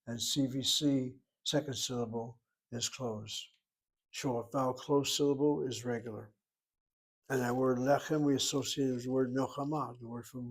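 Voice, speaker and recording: A man teaching an informal class, talking through grammar step by step. His voice sits at an ordinary middle pitch, and he thinks aloud as he explains. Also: low-quality recording. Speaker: Hebrew teacher. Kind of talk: informal recorded class lesson.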